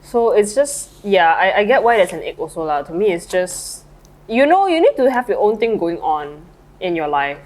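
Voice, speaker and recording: A woman's voice: mid-range voice, sing-song, normal speed, darkish tone, poor audio. A woman co-hosting a podcast in casual chat, rambling with lots of fillers, eating lunch and a little tipsy as she talks. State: eating while talking, slightly tipsy. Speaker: podcast co-host.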